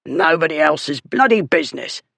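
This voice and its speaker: A narrator voicing a drunken, blustering man who shouts in coarse dialect in an audiobook. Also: fairly high pitch, animated, moderate pace, vocal fry, dry recording, heavily acted. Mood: angry shouting. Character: drunken brutish male dog owner, blustering. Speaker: story character.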